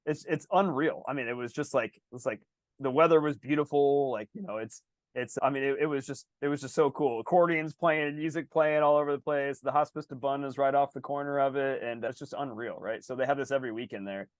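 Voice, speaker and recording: An excitable man talks quickly and eagerly, stacking fillers as he goes. His voice sits at an ordinary middle pitch. The sound is dry and close, with no room echo. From Italian heritage. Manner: fast, enthusiastic, full of fillers like "like". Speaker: podcast co-host. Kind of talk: casual chat.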